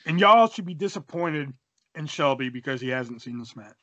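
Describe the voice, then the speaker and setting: Animated profane storyteller man, dry sound. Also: on the high side, moderate pace, no echo, highs cut off. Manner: animated, profane, acts out dialogue. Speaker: podcast co-host. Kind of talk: casual storytelling.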